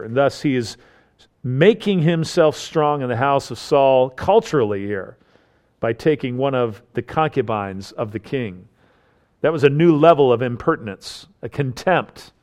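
A man teaching through a Bible passage, explaining its culture and acting out the quoted lines with rising emphasis. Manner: animated, acts out quoted lines with rising pitch and force. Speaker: preacher.

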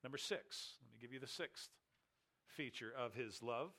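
A man's voice: medium pitch, moderate pace, creaky, sharp tone. A male pastor preaching an expository sermon, emphatic, repeating key phrases and asking and answering his own rhetorical questions.

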